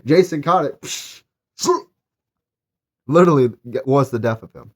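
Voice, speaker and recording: A man's voice: medium pitch, fast talker. A young man recapping and reviewing a horror movie in a casual, rambling way, with lots of fillers and eager praise. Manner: rambling, filler-heavy, enthusiastic.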